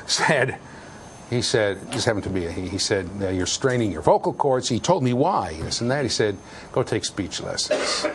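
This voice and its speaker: A man's voice: medium pitch, slight background noise. A middle-aged man giving a university classroom lecture, joking with students and raising his voice to stress points. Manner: animated, jokey, shouts for emphasis.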